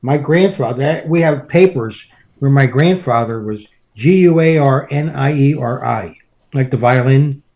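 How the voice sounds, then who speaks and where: Older man, mellow rambling storyteller. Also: mid-range voice, measured pace. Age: 70s. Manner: rambling storyteller, chuckling through anecdotes. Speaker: guest. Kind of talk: casual chat.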